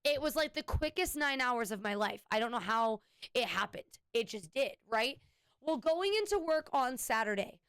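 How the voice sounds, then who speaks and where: A fairly high, smooth, fairly bright female voice comes through in studio quality with no room sound. The woman is a streamer having a casual chat with viewers, meandering and restarting sentences, often with an "anyway." She's chatty and gives thanks to subscribers.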